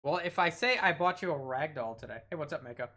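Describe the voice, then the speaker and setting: A man's voice: a little high, lively intonation, quick pace, bright, forceful tone. A man streaming a horror game, reading its text aloud and dropping wry asides, sometimes tripping over his words.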